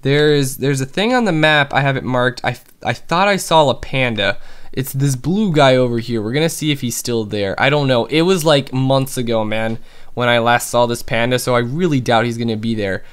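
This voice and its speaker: A young gaming host talks through his play session in a loose, rambling way. His voice is smooth and clean, at an everyday pitch for a man, and he gets excited easily. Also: normal speed. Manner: excitable, chatty, with frequent fillers. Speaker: gaming YouTuber. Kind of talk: casual gameplay commentary.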